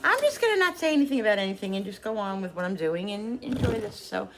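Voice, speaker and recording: A woman talking casually to her viewers while cooking in her home kitchen, rambling and thinking out loud as she works. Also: medium pitch, sing-song, fast, heavy background noise. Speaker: cooking vlogger. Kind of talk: casual cooking vlog chat.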